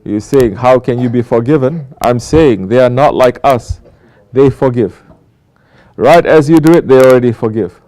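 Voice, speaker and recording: A man's voice: mid-range voice, normal speed, dark tone. Male Sufi teacher, mid-range voice, emphatic preaching with rhetorical questions. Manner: rhetorical questions, emphatic, mocking quoted apologies. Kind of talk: sermon.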